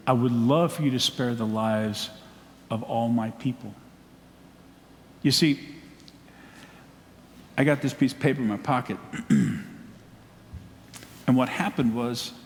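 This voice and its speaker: A man's voice: medium pitch, a little hiss or hum, close to an everyday voice. A preacher speaking as a young queen, earnestly pleading with a king to spare her people. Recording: long church hall echo.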